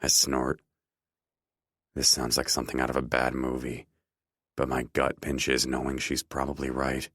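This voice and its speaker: Male audiobook narrator, extremely deep voice, dry booth sound, grim and controlled. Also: completely flat delivery, a little slow, pauses often, a bit bright, no echo. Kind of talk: first-person audiobook narration.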